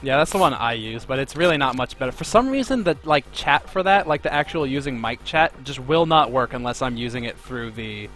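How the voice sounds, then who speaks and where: A man's voice: medium pitch, lively intonation, a little fast, few pauses, fairly bright tone. A man talks through a video game while streaming, loose and profane, swearing casually and drifting between tips and chat. Faint game music plays behind him. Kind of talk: live game commentary.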